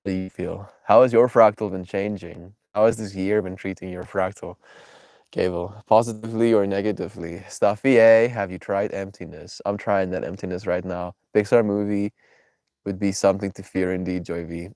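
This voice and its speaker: A man with a stuffy, congested voice talks gently to his chat, greeting viewers by name and musing out loud. His voice sits low, and the sound is dry and close, with no room echo. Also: steady tone, moderate pace. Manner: reflective, affectionate, reads chat names aloud. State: stuffy nose. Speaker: streamer. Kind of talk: casual live-stream chat with viewers.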